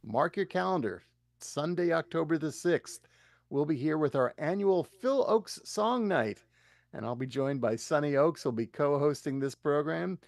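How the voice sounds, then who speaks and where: A man with a gravelly, creaky voice hosts a live concert and announces the next dates. He speaks haltingly, stumbling over fillers and restarting his sentences. The recording is dry and close, with no room sound. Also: a little high, expressive, a little mellow, dry recording. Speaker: festival concert host.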